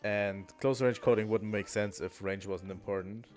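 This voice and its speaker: A man's voice: on the low side, steady tone, normal speed, darkish tone, faint music behind. A man streaming a video game, talking to himself in a loose, thinking-aloud way with frequent ums and restarts. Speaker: gaming streamer. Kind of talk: casual let's-play commentary.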